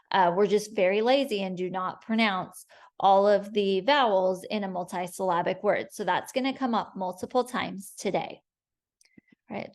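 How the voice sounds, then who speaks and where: Slow, patient woman phonics teacher. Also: mid-range voice. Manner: slow, clear, patient sounding-out of words. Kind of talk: phonics spelling lesson.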